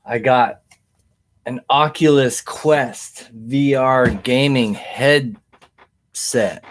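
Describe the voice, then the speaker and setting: A man's voice: medium pitch, a little hiss or hum. A man chatting casually on a livestream, rambling and easygoing as he reads the chat, recorded through a webcam mic indoors. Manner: rambling and easygoing, chuckles often.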